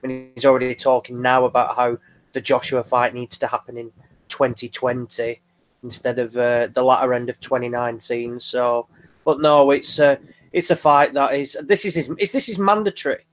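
A man talks casually on a podcast in a steady, measured way. He hedges and restarts his sentences often, with a pitch that sits in the middle. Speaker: podcast co-host. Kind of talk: casual boxing chat.

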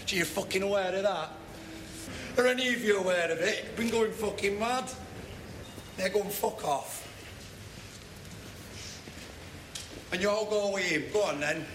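A man's voice: sits high, moderate pace, background noise, close to an everyday voice. A man playing a distraught young man. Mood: despairing. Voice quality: raw, tearful and swearing. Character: distraught young man confronting his friend. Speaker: film character. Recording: echoey film audio with ambience.

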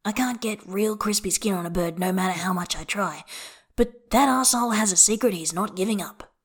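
A woman voicing a gruff but gentle grown man who speaks plainly with a dry, wry edge. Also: medium pitch, fairly quick. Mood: wry fond.

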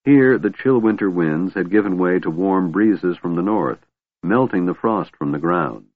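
A man narrating a fantasy audiobook in a steady, measured storytelling manner. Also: deep voice, no echo. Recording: tinny phone-like dry sound.

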